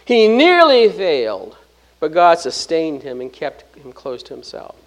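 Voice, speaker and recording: A man with a high voice preaches through a scripture passage. He leans hard on key phrases, then drops to a low, soft tone, and he often repeats or restarts his words as he goes. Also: very animated, moderate pace, low-quality recording. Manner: swings between loud stresses and low soft drops. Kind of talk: expository sermon.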